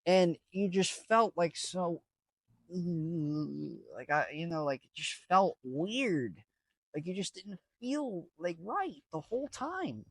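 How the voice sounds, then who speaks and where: A man's voice: sits high, big pitch swings, slow, dry recording. A young man casually telling a story, rambling with lots of fillers and restarts. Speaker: vlogger.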